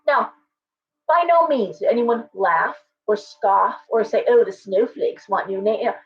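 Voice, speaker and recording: A woman's voice: a little high, lively intonation, unhurried, a little hiss or hum. A chatty middle-aged woman hosts a casual livestream and wanders from one thought to the next. She breaks off now and then to answer viewer comments. The stream audio is dull and lo-fi. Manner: chatty, digressive, talks back to viewer comments. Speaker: shop owner hosting a livestream.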